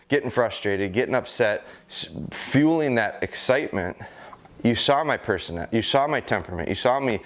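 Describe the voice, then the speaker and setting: A middle-aged American man, a gun dog trainer, calmly explaining a training session and hesitating with fillers as he goes. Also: on the low side. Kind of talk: instructional talk during a training session.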